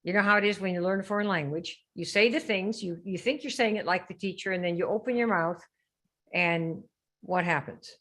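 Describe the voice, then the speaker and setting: A woman's voice: lowish voice, fairly quick, a bit bright. A woman hosting a live sales training stream, brash and teasing as she quizzes her viewers. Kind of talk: lively live-stream coaching.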